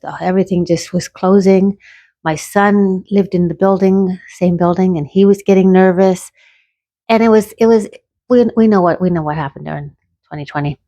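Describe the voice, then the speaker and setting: A woman's voice: fairly low pitch, a little mellow, dry recording. A woman from Canada telling a rambling personal story in a chatty, casual way, with many restarts.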